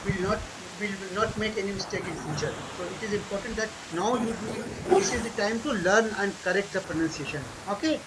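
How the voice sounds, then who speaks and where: A man's voice: high-pitched, lively intonation, quick pace, hardly any pauses. A man teaching German pronunciation, patiently repeating words and correcting a student. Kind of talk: pronunciation lesson. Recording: noisy room recording.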